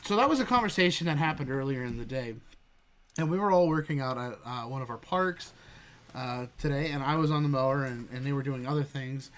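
A man's voice: medium pitch, a little fast. A young man casually telling a funny work story as a podcast co-host, laughing and swearing freely.

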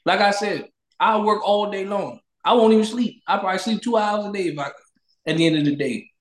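High-voiced man in an echoey room. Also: brisk. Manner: loose, preachy, repeats catchphrases. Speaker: podcast host. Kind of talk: casual chat.

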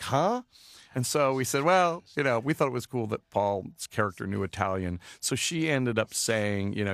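Director guy rambling thru his movie commentary, lots of ums, lowish gravelly voice. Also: no room sound. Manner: loose, rambling, frequent filler words. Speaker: film director.

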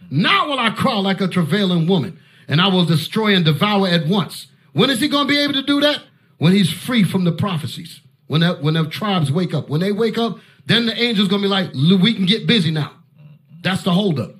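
A fiery male preacher with a high-pitched voice, driving his Bible teaching with force and sudden shouts. He barks short commands between points.

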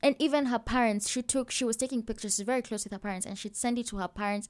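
A young woman with a Kenyan accent talks openly and personally about her own experiences in a casual podcast chat, laughing as she tells stories. She has a fairly high voice and talks fast.

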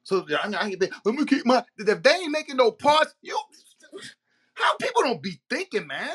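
Heated, lively-voiced man ranting. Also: high voice, moderate pace, slightly rough. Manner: heated, profane, rhetorical questions. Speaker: podcast host. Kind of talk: ranting monologue.

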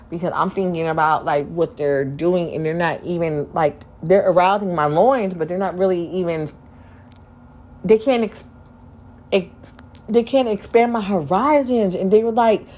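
Rambling, slangy woman with a lowish voice. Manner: rambling, slangy, full of fillers and asides; breaks into quick mocking voices of others. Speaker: podcast host. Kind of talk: candid solo podcast monologue.

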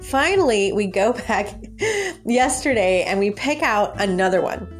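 A woman casually telling her viewers a story, her voice jumping up in pitch and breaking into laughs as she relives the outrage. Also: measured pace, faint music behind. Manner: animated, jumps high in pitch when retelling her outrage, laughs often. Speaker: vlogger.

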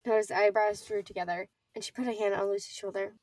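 A teenage girl narrating a fan-written novel in a steady, lightly expressive way. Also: medium pitch, fast, no room sound, far from the mic. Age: teens. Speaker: co-author and narrator. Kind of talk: amateur audiobook narration.

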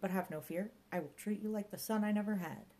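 A woman's voice: mid-range voice, fairly quick, warm tone, voice pushed up, close to an everyday voice, rough recording. A woman reading an audiobook and voicing a grandiloquent, pompous middle-aged male park ranger who fancies himself a martial arts mentor. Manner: grandiloquent, theatrical. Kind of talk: audiobook character voice.

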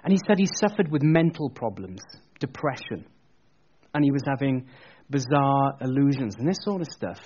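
A man preaching a sermon, telling a story in an animated, chatty way with jokey asides. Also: medium pitch, normal speed, slightly rough, lo-fi sound.

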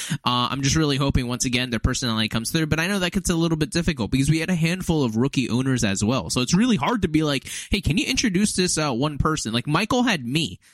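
A man's voice: medium pitch, fairly bright tone, dry recording. Chatty man hosting a podcast, dry sound. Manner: rambling, laughs often, many fillers. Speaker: podcast host and league commissioner. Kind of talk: casual podcast chat.

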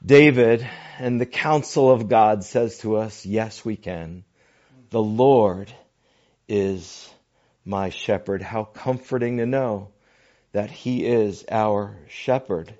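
A man preaching a sermon at an unhurried, measured pace, pausing over phrases. He often sinks to a soft, hushed tone for emphasis. The sound is a bit dull and lo-fi. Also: on the low side. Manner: slow, deliberate preaching with dramatic drops to near-whispers. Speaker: pastor. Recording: dull lo-fi recording.

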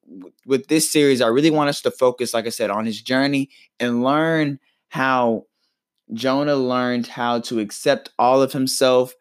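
A man's voice: mid-range voice, no room sound, studio quality. A man preaching a recorded podcast sermon in an earnest, reflective way, often restarting and repeating words.

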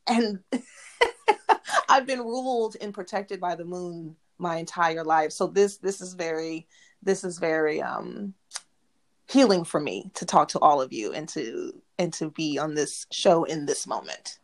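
A woman in her forties, a guest sharing personal spiritual reflections in an earnest, reflective way, often pausing and restarting mid-phrase. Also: fairly low pitch, lively intonation. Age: 40s. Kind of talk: heartfelt personal sharing on a podcast.

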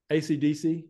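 A young man from Florida with a mixed American and Australian accent, chatting casually as an interview guest. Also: a little high. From United States, Florida. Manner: relaxed, chatty, says "man" and "like" a lot. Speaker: guest, YouTube advertising specialist.

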